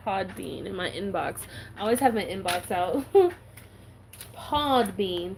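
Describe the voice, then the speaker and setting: A woman's voice: medium pitch, expressive, a little slow, creaky, background noise. A woman vlogger chatting casually while she stamps her planner, giggly and talking with a valley-girl lilt.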